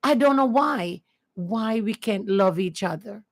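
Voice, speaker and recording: A woman talks straight to her viewers in a loose, rambling livestream monologue. Her voice has a gravelly edge, and she leans hard on her points, circling back and repeating herself as she goes. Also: mid-range voice, expressive, unhurried. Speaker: host of a personal talk channel. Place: at home with her dog.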